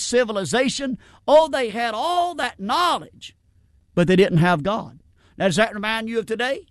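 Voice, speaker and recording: A man's voice: high voice, no room sound, studio quality. A middle-aged man preaching a sermon in a plain, folksy way, stumbling over repeated words and dropping in frequent amens. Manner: plain-spoken folksy preaching, frequent stammered restarts and "amen".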